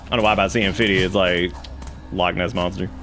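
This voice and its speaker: A man's voice: low-pitched, flat delivery, fast, fairly bright tone. A man streaming a video game, cracking jokes and swearing casually as he plays. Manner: joking, profane, rambling. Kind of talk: casual gameplay commentary. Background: game music.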